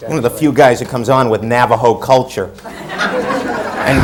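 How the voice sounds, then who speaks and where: A man's voice: medium pitch, unhurried. A man hosting a TV comedy show, teasing a guest in jokey banter. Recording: crowd and noise on a TV stage.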